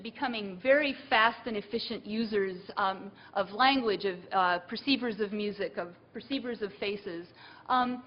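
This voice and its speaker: A woman's voice: fairly high pitch, dull audio. A woman giving a university lecture, thinking aloud with many fillers and restarts.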